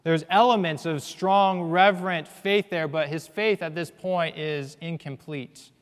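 A man preaching a sermon, earnest, moving between hushed low passages and loud emphatic ones. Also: steady tone, a little slow, clean tone. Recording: long reverb of a large hall.

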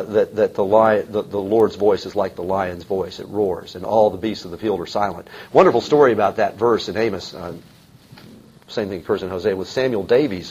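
A man's voice: fairly low pitch, a little mellow, breathy edge. A man teaching a Bible lecture in a conversational way, with many fillers and restarts. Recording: dull lo-fi recording.

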